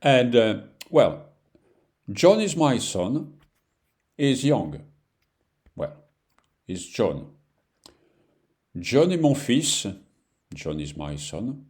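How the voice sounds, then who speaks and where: A man with a French accent, a native speaker, leads a beginners' lesson at an unhurried pace. His voice sits low and mellow, and he repeats each phrase patiently in simple, slightly broken English. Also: big pitch swings. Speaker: French teacher. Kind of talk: slow beginner language lesson.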